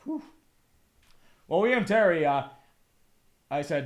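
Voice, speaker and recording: A young male streamer with a high-pitched voice delivers rapid, excitable hockey play-by-play in a casual style. He swears freely and drifts off into rambling asides while reading chat.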